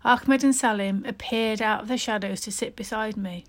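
A woman narrating a children's story with steady, expressive reading. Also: fairly high pitch, moderate pace.

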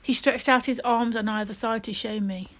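A woman narrating a children's story with steady, expressive reading. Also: a little high, moderate pace.

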